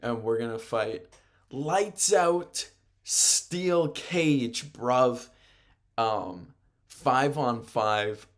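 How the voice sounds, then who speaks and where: A man putting on a British accent to voice a brash young male wrestler who shouts a challenge with exaggerated slang. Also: fairly low pitch, takes it slowly. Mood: challenging.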